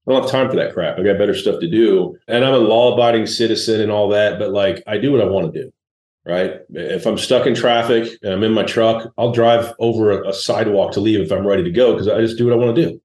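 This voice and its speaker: A man's voice: lowish voice, fast, darkish tone, reverberant. A man in his forties, a guest entrepreneur telling blunt, laid-back stories in a casual interview.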